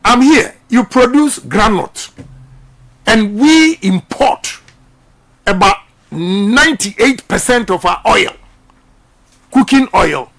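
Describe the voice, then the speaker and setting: Emphatic Ghanaian man, high-pitched. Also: lively intonation, slow, creaky, pauses often, fairly bright tone. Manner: repetitive, emphatic, preaching-style delivery. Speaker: politician. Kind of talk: impassioned radio interview.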